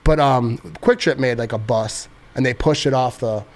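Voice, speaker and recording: A man's voice: medium pitch, normal speed. A young man telling stories as a podcast guest, casual and rambling, full of fillers and frequent laughs. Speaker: podcast guest, sports content creator. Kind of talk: casual storytelling.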